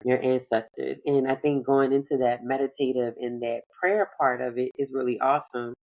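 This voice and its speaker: A woman hosting a relaxed conversation, reflective and loosely phrased with lots of "like". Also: a bass voice, moderate pace, muffled recording. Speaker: podcast host. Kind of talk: casual conversation.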